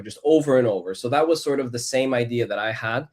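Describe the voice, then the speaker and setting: A man from Canada, a podcast guest, telling his personal story in a reflective, measured way with frequent restarts. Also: medium pitch, darkish tone.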